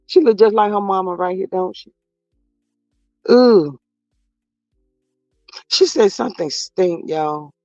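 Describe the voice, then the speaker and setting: Here a high-pitched, expressive man with a darkish tone talks slowly and pauses often, with no echo. Hosting a laid-back live stream, he drawls sassy gossip and reads the chat aloud, the lo-fi sound slightly dull with faint music behind.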